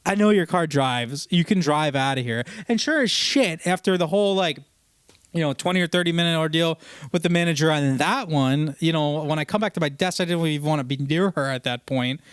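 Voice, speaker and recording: Man, podcast host, casual storytelling, constant swearing, fairly high pitch, crisp tone. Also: brisk, no echo, studio quality. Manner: swears constantly, rambling anecdotes with quoted voices. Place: home podcast set with curtain backdrop.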